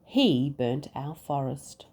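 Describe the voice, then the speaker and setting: A woman voicing a defensive storybook king who speaks slowly and indignantly. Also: a bass voice, animated, dark tone, exaggerated voice. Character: defensive middle-aged human king.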